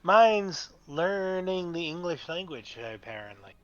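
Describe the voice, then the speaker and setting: A guest on voice chat during a game stream, talking casually in a weary, low-key way. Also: lively intonation, a little slow, a bit bright, dry recording, dull audio.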